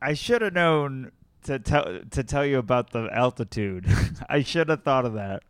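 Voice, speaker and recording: An easygoing man trades puns over a remote call and laughs along with his co-host. His voice sits at a middle pitch for a man. The sound is close and dry, with no room in it. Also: lively intonation, normal speed, smooth, dry recording. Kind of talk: casual chat.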